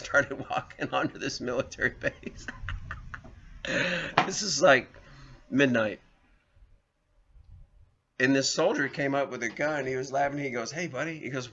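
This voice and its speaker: A Southern US man hosting a video reads an article aloud, drifts into rambling personal stories, and chuckles often. His medium-pitched voice is pushed and bright, in a dull lo-fi recording.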